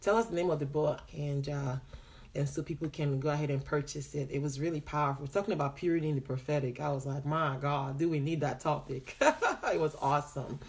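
A low-pitched, fast-talking woman preacher starts a live broadcast, calling out her viewers' names one by one, full of excitement and frequent laughter.

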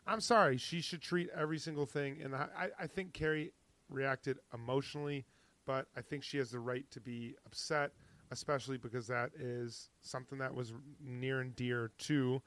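A man's voice: medium pitch, steady tone, moderate pace, fairly bright tone. A man co-hosting a podcast in casual chat, rambling and hesitant with many restarts. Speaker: podcast co-host.

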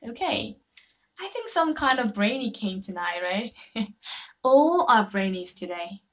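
A Korean woman teaching a live online language lesson, drilling syllables slowly and cheering on her students. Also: mid-range voice, big pitch swings, fairly bright tone, slight background noise. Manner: slow, drawn-out syllable drills, cheerful praise.

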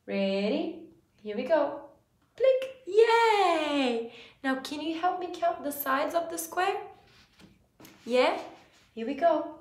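A woman teaching a virtual preschool lesson in a slow, playful, singsong way with little sound effects. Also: high voice, lively intonation, reverberant.

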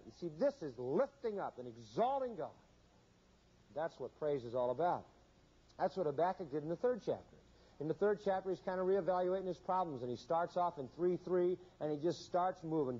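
Emphatic preacher with a dark, dull sound. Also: male voice, on the high side, animated, brisk, breathy edge. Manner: emphatic, repetitive preaching cadence with acted quotes. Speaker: pastor. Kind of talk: sermon. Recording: dull lo-fi sermon recording.

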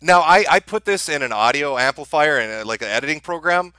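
A man's voice: fairly high pitch, expressive, brisk, pushed and bright, clear, resonant tone, no room sound. A man giving mocking commentary over a video clip, sarcastic and laughing at the footage. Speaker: online commentator.

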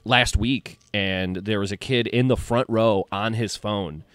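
A man's voice: fairly low pitch, measured pace, dry recording. Blunt, profane comedian man, dry mic. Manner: blunt, profane, animated storytelling. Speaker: stand-up comedian. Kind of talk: casual podcast chat. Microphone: close desk mic.

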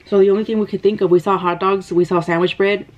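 A woman, telling a story in an animated, breathless way while eating on camera. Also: medium pitch, quick pace. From United States. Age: 30s. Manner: animated, gasping, breathless retelling. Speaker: mukbang vlogger. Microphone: camera microphone. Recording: slightly dull lo-fi sound.

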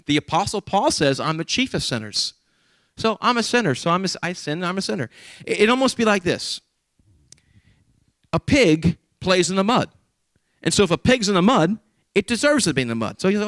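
A man's voice: sits high, expressive, fairly quick, a bit bright, no echo. A middle-aged man preaching a sermon as a pastor, emphatic and given to repeating key phrases.

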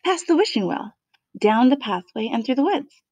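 A woman's voice: high-pitched, very animated, normal speed, a little mellow, breathy edge, dry recording, pitched above the performer's own voice, exaggerated voice. A woman voicing a well-read male woodchuck who worries earnestly in a storybook reading.

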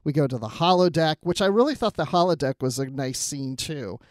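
Excitable podcast co-host, higher-pitched man. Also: brisk, dry recording, studio quality. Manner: excitable, animated, laughs often. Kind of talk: casual review chat.

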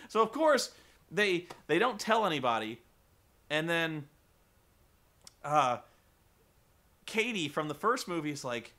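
Man, young adult, casual vlog, swears a lot, acts out characters, bright sharp tone. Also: on the high side, unhurried, pauses often. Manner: profane, animated, acts out characters in quoted voices, laughs often. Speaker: vlogger. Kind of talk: casual film review ramble.

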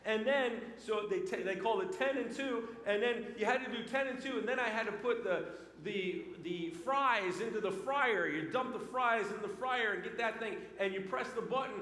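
A male pastor with a notably high voice delivers a storytelling sermon. His voice swings between loud bursts and hushed passages. The sound is roomy, with a long reverb tail from the church hall. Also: moderate pace. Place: church sanctuary.

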